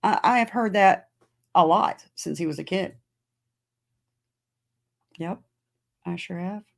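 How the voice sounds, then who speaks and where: This middle-aged podcast host has a lowish voice with vocal fry and a slow pace. In a casual live stream she responds to viewer comments, peppering her talk with fillers.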